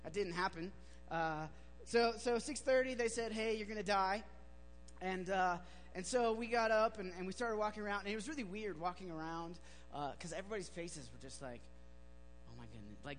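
A man's voice: high voice, fairly quick. A man preaching a sermon, telling a story in a chatty, joking way with many fillers. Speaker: pastor. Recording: reverberant hall, faint hum.

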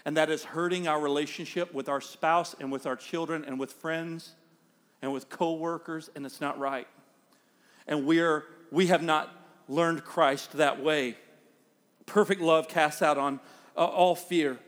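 A middle-aged man preaching a sermon as pastor, acting out everyday scenes in a raised, animated voice. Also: fairly high pitch, a little slow, in a large hall.

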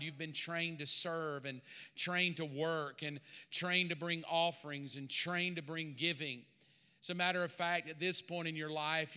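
A man's voice: fairly high pitch, pushed and bright, smooth. A man pastor preaching a sermon, telling a vivid story in the second person. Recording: long hall reverb.

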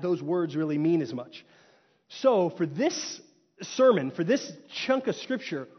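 A man from Texas preaching a sermon, telling stories with animated swings from loud to hushed. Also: fairly high pitch, big-room sound, muffled recording. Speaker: pastor. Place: church.

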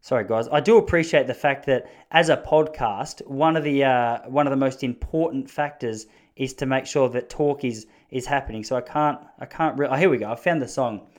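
A man's voice: medium pitch, normal speed, few pauses. An Australian man hosting a podcast, telling meandering, self-mocking jokes in casual comedic chat. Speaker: podcast host.

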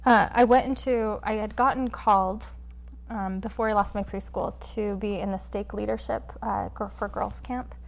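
A woman guest on a podcast, telling a personal story in a quick, animated way and acting out what others said. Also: medium pitch. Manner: animated, quick storyteller who acts out quotes. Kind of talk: conversational storytelling interview.

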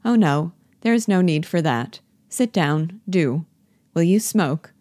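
A woman reading the part of a prim, complacent schoolmaster who speaks gently and formally. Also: fairly low pitch, expressive, slow pace, no room sound, clean studio sound. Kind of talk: play reading.

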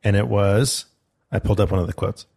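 A man's voice: lowish voice, fairly quick, gravelly, breathy edge. A young man in casual chat, telling a story about a seminar he went to. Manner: storytelling, quoting a loud instructor in his telling.

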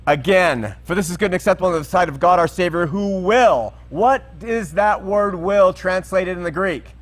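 A man's voice: sits high, animated, normal speed. A man preaching a sermon, teaching through Bible verses with emphatic, questioning delivery.

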